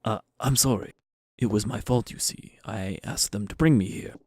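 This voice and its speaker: A man's voice: on the low side, normal speed, darkish tone, slight background noise, lightly acted. A man doing a stammering timid scientist. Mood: apologetic. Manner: stammering, hesitant. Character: timid middle-aged male Japanese scientist.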